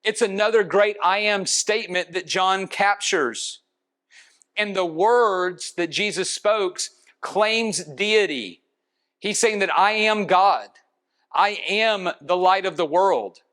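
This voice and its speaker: A man with a high voice delivers a sermon with earnest conviction. He slows down and draws out the phrases he wants to land, building steadily through his points. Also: a bit bright. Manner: earnest preaching, slowing for emphasis. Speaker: pastor.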